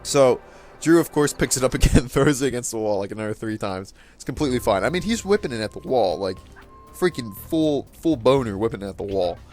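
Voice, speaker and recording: A man's voice: mid-range voice, expressive, a little fast, darkish tone, soft background music. A teenage boy casually telling a funny story while playing a video game, laughing often and acting out what people said. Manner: chatty, laughs often, acts out quotes. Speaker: gaming channel host. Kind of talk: casual storytelling over gameplay.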